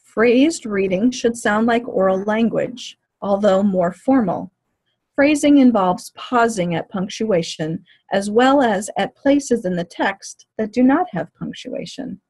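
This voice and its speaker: Husky woman giving a measured lecture. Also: medium pitch, darkish tone. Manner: clear, measured explanatory delivery. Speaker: teacher educator. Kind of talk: lecture on reading fluency.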